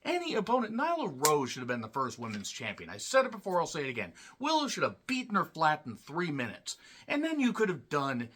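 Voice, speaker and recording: A man giving a blunt, profane solo review of a wrestling show, ranting and clearing his throat often. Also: on the high side, huge pitch swings, a little fast, sharp tone.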